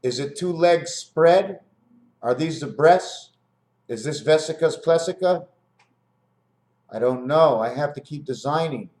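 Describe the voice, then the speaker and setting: At home indoors near his fridge, a man muses through a rambling, free-associating monologue, explaining his designs and putting questions to his viewers. His voice is a little high and darkish, unhurried, with long pauses.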